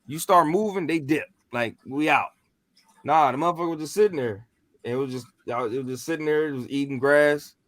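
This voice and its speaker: Casual male podcast storyteller, slangy and animated, cursing freely, dry close recording. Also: on the high side, brisk, dry recording. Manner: animated, profane, slangy, acts out what he said. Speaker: podcast co-host telling a ghost story.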